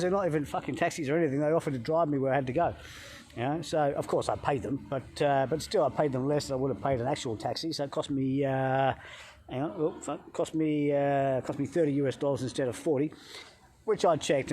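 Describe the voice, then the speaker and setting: A middle-aged man from England, a health coach vlogger telling a travel story in a swearing, animated way, talking into a phone outdoors by a hotel pool. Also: mid-range voice.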